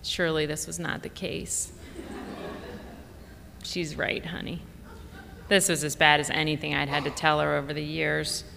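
A woman's voice: little pitch movement, unhurried, gravelly, long pauses, sharp tone. A woman narrating a memoir in a wry, reflective tone. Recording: long reverb, faint rumble.

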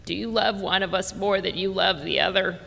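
A woman's voice: mid-range voice, brisk, creaky, a bit bright, in a large hall, a little hiss or hum, pitched above the performer's own voice, low-quality recording. A woman voicing an indignant, whiny little girl of about eight in a storybook reading. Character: upset little girl, younger sister around eight.

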